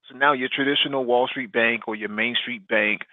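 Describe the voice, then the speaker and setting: Brisk and steady, this co-host's medium-pitched voice comes through a dry, tinny, phone-like line without echo. On his casual podcast about economics and technology, he explains at length with many fillers and restarts.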